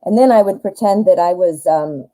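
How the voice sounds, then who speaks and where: A woman's voice: lowish voice, moderate pace, dark tone, rough recording. A woman in her forties with a Midwestern American accent, chatting in a rambling, self-deprecating way while doing a live tarot reading. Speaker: tarot reader.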